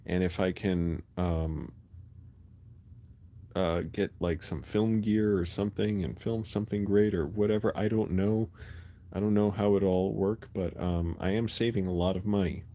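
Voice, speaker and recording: A man's voice: deep voice, fairly even intonation, a little slow, dark tone. A man chatting casually on a phone live stream from his bedroom at night, rambling with lots of fillers and restarts. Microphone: phone held close.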